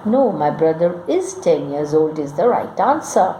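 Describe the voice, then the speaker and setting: A woman's voice: sits low, big pitch swings, mellow, slight background noise. A woman teaching English grammar, reading out wrong sentences, then correcting them and quizzing her students. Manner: slow, deliberate, corrects each sentence and quizzes the class. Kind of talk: classroom grammar lesson. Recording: echoey room with faint ambience.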